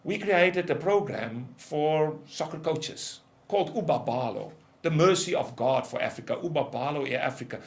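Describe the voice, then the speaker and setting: This testimony sermon comes from an older ministry leader whose intense storytelling ranges from loud outbursts to hushed lows. He's animated, speaks at a moderate pace with few pauses, and has some vocal fry.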